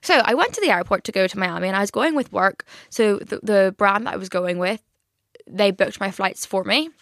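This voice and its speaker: A young woman hosting a podcast, telling stories in a chatty, rambling way full of fillers and lively quoted asides. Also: mid-range voice, a little fast, no echo, clean studio sound. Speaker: podcast host. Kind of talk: casual chat.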